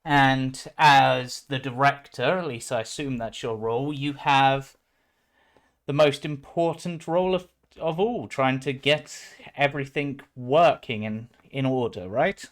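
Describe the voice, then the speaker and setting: A man playing his character in a tabletop game, speaking in a smooth, courtly, flattering way. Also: medium pitch, measured pace. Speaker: player. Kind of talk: in-character tabletop role-play.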